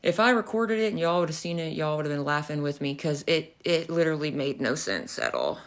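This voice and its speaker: A young woman on a casual livestream with a slightly low voice. She tells her story with animated energy, curses freely and laughs often, sounding a little out of breath. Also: fairly quick. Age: young adult.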